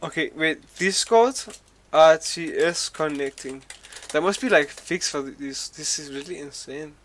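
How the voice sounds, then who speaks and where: A man streaming a game, talking to himself and his chat, exasperated, going from low muttering to sudden high yelps. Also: unhurried, fairly bright tone.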